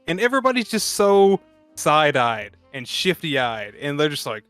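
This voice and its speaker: A man co-hosting a podcast, talking fast and joking with a profane edge. His voice is bright and forceful, and the recording is dry and close. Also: a little high, sing-song, no echo, soft background music. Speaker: podcast co-host. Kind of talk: casual chat about a film over beer.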